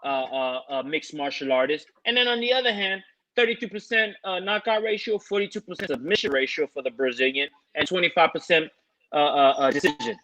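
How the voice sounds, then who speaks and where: A man's voice: fairly high pitch, expressive, fairly quick, bright, forceful tone, poor audio. A man co-hosting a podcast who goes through fighters' stats step by step and makes his picks. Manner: methodical, walks through stats. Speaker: podcast co-host giving picks. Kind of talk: casual fight-analysis chat.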